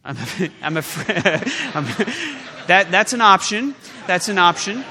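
Pastor guy preaching, high bright voice, jokey and animated, big echoey hall. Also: slow. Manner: animated, joking, acts out voices of the congregation. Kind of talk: sermon. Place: church sanctuary.

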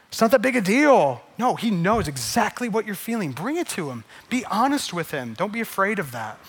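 A man preaching a sermon in an animated way, often repeating words when emphatic. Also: on the high side. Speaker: pastor.

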